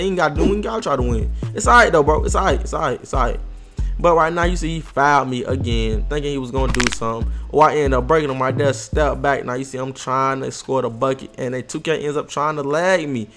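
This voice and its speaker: A young man giving a slangy, excitable gameplay commentary voice-over, trash-talking his opponent. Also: fairly high pitch. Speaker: gaming video creator.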